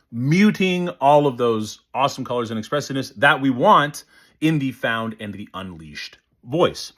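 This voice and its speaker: A male voice coach talks through a technique in a relaxed, conversational way. His pitch sits in the middle, and he keeps breaking into quick sung or spoken demonstrations to show the point. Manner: animated, demonstrates sounds and sings snippets. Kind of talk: casual instructional talk.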